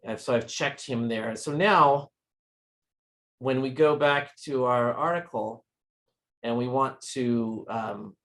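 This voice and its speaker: A man's voice: medium pitch, slow, fairly bright tone. A man giving a live tech demonstration at a user group meeting, explaining step by step in a friendly, informal way.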